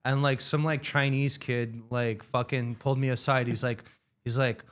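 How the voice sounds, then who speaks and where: A man's voice: medium pitch, fairly even intonation, moderate pace, a bit bright. A young man hosting a podcast, telling school stories in a rambling, profane, laughing way. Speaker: podcast host. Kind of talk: casual storytelling chat.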